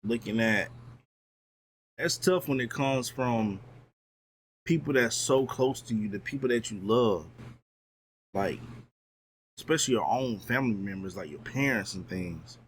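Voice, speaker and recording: Earnest young man, lowish voice. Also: unhurried, pauses often, a little hiss or hum. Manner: earnest, heartfelt, filler-heavy with "like" and "bro". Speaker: streamer. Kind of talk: casual motivational livestream chat.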